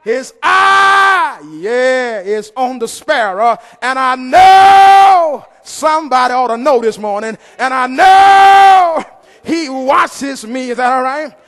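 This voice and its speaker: A man preaching a sermon in a church, shouting and half-singing his lines and repeatedly asking the congregation for a response. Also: very high-pitched, expressive, slow pace. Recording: long reverb of a church hall.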